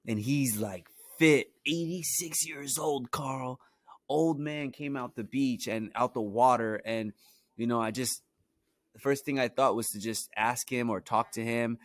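A man's voice: medium pitch, a little slow, no room sound. A young man from Brooklyn, New York, telling stories from his own life in a loose, rambling way, with plenty of "you know" and "like" fillers. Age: young adult. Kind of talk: casual storytelling.

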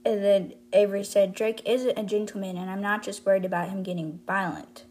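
A woman's voice: mid-range voice, steady tone, fairly quick, a little mellow, breathy edge. A young woman hosting a book podcast, casually retelling chapters and reading quoted lines aloud, with lots of fillers like "like" and "and then she's like". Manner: chatty, filler-heavy retelling with quoted dialogue.

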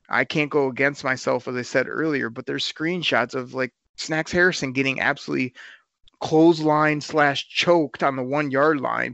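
A man co-hosting a casual sports talk show, breaking down a game in an animated, frustrated way. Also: mid-range voice, vocal fry, no room sound, dull audio.

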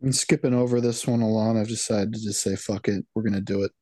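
A man co-hosting a podcast in casual chat, often halting and repeating words. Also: on the low side, steady tone, mellow, no room sound. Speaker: podcast co-host.

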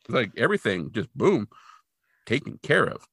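A man in a casual podcast chat, recapping an episode scene by scene. His pitch swings widely, and his tone is bright and forward. The sound is dry and close. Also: very animated, creaky, slightly rough, no room sound. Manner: jokey, acts out characters' lines in quick voices.

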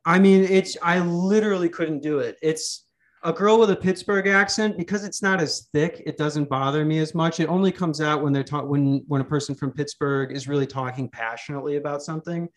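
Brisk and somewhat high-voiced, the man hosting this podcast talks through a remote call mic. He keeps things casual and crude, rambling, joking and restarting his thoughts frequently.

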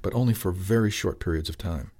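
A man voicing a gently teasing father who serves as a village shaman, speaking a little higher than his own narration. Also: fast. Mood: wry.

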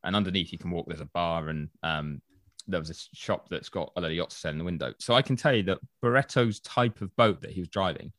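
A young man co-hosting a podcast, making dry, deadpan quips. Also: low voice, quick pace, dry recording. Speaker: podcast co-host. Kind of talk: casual chat.

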